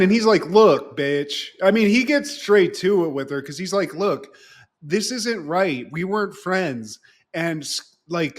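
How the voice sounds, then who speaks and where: A man's voice: high-pitched, a bit bright. A man co-hosting a casual recap podcast, swearing freely and acting out the characters' lines. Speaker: podcast co-host.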